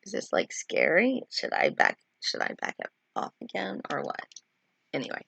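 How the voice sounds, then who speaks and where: A woman's voice: mid-range voice, wildly swooping pitch, normal speed, gravelly, fairly bright tone, breathy edge. A woman hosting a casual livestream and reading her chat, outspoken and salty, laughing often. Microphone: webcam mic close to the face.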